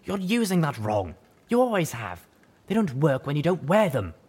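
A man doing Tracker, a shrill panicky stallion. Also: big pitch swings, normal speed, a little mellow, husky. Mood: insistent. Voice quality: shrill, hissing. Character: panicky young pegasus stallion, fearful and shrill.

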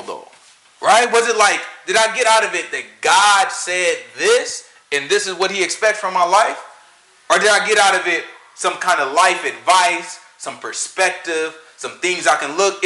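A man talking casually about church and preaching, animated and joking, often laughing. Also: high-pitched, reverberant, rough recording. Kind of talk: casual opinion talk.

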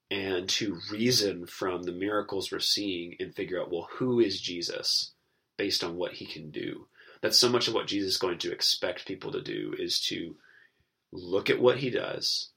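A man co-hosting a casual Bible study podcast, thoughtful and animated, laughing now and then. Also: sits low, creaky. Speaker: podcast co-host.

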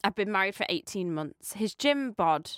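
A woman's voice: medium pitch, lively intonation, moderate pace, clear, resonant tone, no echo, clean studio sound. Chatty woman podcast co-host. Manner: chatty, interjecting and giggly. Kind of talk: casual podcast chat.

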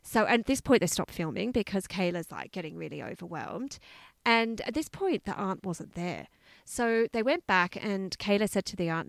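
Woman podcast co-host, lively storyteller, dry close mic, mid-pitched voice. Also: moderate pace, vocal fry, dry recording. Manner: animated, swears, acts out quotes. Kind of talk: casual storytelling chat.

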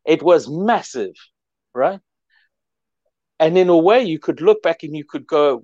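A man's voice: fairly high pitch, expressive, a little slow, pauses often, a little mellow, no echo. Guy musing about rugby, lots of uhs, muffled dry audio. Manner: thoughtful, hesitant with fillers. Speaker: rugby podcast co-host. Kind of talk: reflective sports chat. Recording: dull, dry lo-fi sound.

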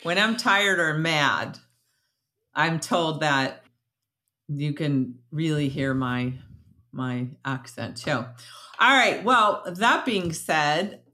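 A woman's voice: low-pitched, slow pace, bright, forceful tone. A woman hosting an interview podcast, bubbly and talkative, chatting casually with her guest and laughing easily. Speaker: podcast host.

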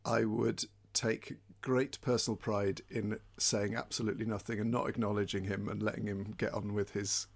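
A man co-hosting a podcast in casual chat, wry and animated. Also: on the low side, moderate pace, vocal fry, few pauses.

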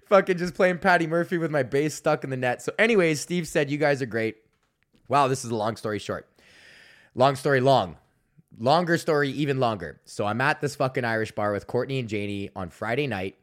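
A man's voice: fairly high pitch, brisk, fairly bright tone. A young man hosting a podcast, telling rambling, profane stories in a casual monologue and laughing often. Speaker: podcast host.

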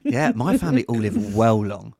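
A man with a Northern English accent, co-hosting a podcast in casual chat, animated and jokey. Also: fairly low pitch, moderate pace, vocal fry, dry recording, studio quality. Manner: animated, jokey, reads news aloud in bursts. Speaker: podcast co-host.

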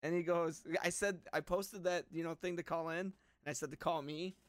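A man's voice: a little high, fairly even intonation, fairly quick, no room sound. A man co-hosts a loose podcast chat, recounting a story with an easy, laughing delivery. His voice sits dry and close on the mic. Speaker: podcast co-host.

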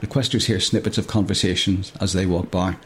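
A man's voice: deep voice, fairly even intonation, fairly quick, a little hiss or hum. A man reading a comic story aloud, breaking off often to joke and laugh. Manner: jokey, laughs often, digresses. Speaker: storyteller and podcast host.

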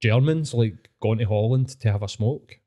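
A man's voice: lowish voice, moderate pace, mellow. A man with a Scottish accent, hosting a podcast and telling rambling, sweary stories in casual chat. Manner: sweary, rambling storyteller who laughs often. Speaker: podcast host.

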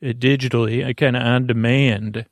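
Rambling gravelly-voiced man hosting a sleep podcast. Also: medium pitch, steady tone, normal speed, no room sound, clean studio sound. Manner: meandering, self-interrupting, goofy digressions. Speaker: podcast host. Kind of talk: rambling bedtime podcast monologue.

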